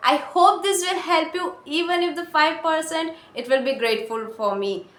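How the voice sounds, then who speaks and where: A woman with an Indian accent talking earnestly to her camera, encouraging learners and pausing often on "uh" fillers. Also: very high-pitched, fairly bright tone. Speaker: English-learning vlogger. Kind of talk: casual talk to camera. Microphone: phone or camera mic. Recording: echoey room.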